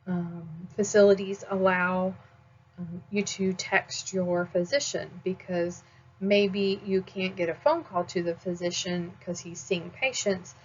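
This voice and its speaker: A woman with a somewhat low voice lectures nursing students in an easy, conversational way. She fills her pauses with "um" and keeps asking "all right?" The recording sounds dull and lo-fi. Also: fairly even intonation, a little hiss or hum. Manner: conversational, frequent "um" and "all right?" check-ins. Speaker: nursing instructor.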